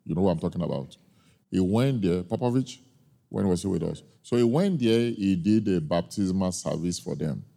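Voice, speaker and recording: A man preaching a sermon, telling a personal story with emphatic, drawn-out key points. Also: low voice, lively intonation, creaky, warm tone. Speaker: pastor. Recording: long hall reverb.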